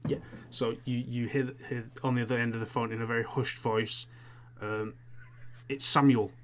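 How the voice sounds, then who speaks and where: Rich: A man runs a tabletop horror game, describing scenes to his players. He pauses and backtracks often, with a faint hiss behind him. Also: medium pitch, little pitch movement. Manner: hesitant, many fillers and restarts. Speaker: game master.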